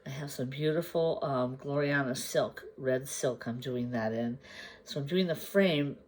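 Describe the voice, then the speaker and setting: A woman crafting vlogger chatting casually to the camera. She shows her projects at an unhurried pace, pausing to gather her thoughts and sometimes asking the viewers questions. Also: very deep voice, darkish tone, a little hiss or hum. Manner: unhurried, chatty, meandering with pauses. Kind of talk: casual show-and-tell chat to camera.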